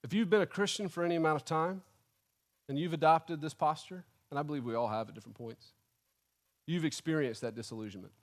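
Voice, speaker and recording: A man preaching a sermon, telling a comic personal story with animated, indignant storytelling. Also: a little high, quick pace. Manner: animated storytelling, acting out his own indignation. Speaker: pastor.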